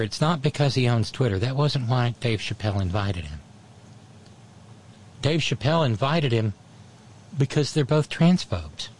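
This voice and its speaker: A man hosting a commentary show, blunt and biting, with plenty of sarcasm. His pitch sits in a middling range for a man. He speaks casually and swears freely. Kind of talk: political commentary.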